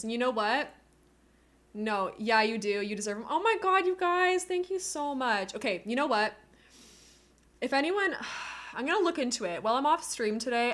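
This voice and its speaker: Speaking into a cheap desk mic at home, this woman streamer has a medium-pitched, slightly bright voice. Her casual chat with viewers is gushing and emotional; she's nearly in tears and keeps breaking into laughter.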